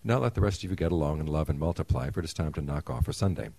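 A man voicing a genial male creator god in a fable, reading with a grand, booming delivery. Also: rapid-fire, vocal fry, a little mellow, no echo, full character voice, low-quality recording. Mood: benevolent.

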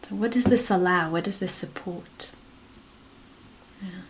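Woman meditation teacher, lowish voice, gentle dharma talk that trails into whispers. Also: a little hiss or hum. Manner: gentle and unhurried, often fading to a whisper; frequent affirming "yeah" between phrases.

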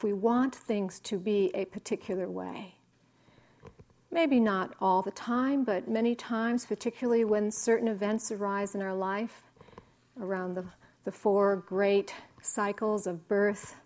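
A woman meditation teacher giving a slow, reflective dharma talk with soft pauses. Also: mid-range voice. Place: meditation hall.

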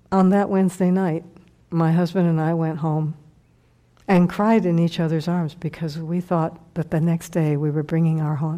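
Her voice is dark and fairly low-pitched: a middle-aged meditation teacher recounting a moving personal story as part of a dharma talk. Now and then she drops to a whisper.

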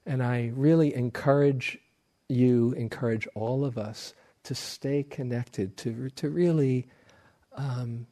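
A dharma talk comes from a middle-aged meditation teacher whose voice sits at medium pitch. He narrates gently and unhurriedly, with quiet laughs along the way.

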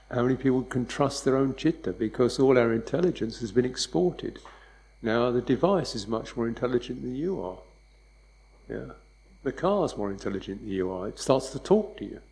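A man teaching meditation in a loose, conversational dharma talk, wry and quick to laugh, checking in with "yeah?". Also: medium pitch, expressive, creaky, a little mellow, low-quality recording. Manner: wry, laughs often, mimics hurried speech and beeps.

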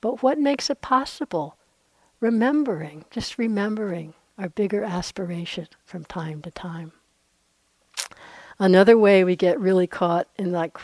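A woman's voice: lowish voice, a little mellow, dry recording. A woman meditation teacher giving a dharma talk on retreat, conversational and earnest, with frequent asides.

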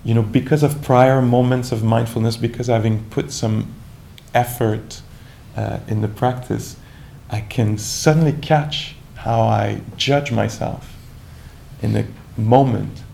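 A man giving a calm, reflective dharma talk as a meditation teacher, searching for words with many restarts and asides. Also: mid-range voice, a little slow, creaky, slight background noise.

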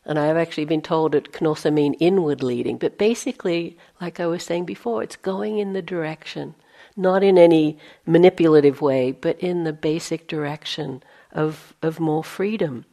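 A woman with a slightly low voice gives a dharma talk as a meditation teacher. She keeps it conversational, with playful self-mocking asides. At times she drops to a near-whisper to voice her inner thoughts. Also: normal speed, vocal fry, dark tone.

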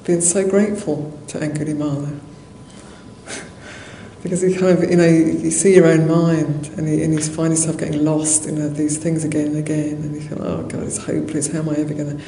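A Buddhist nun giving a dharma talk in a monastery hall, telling a story conversationally with soft laughs and many fillers. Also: female voice, low-pitched, little pitch movement, moderate pace. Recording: roomy hall echo, faint noise.

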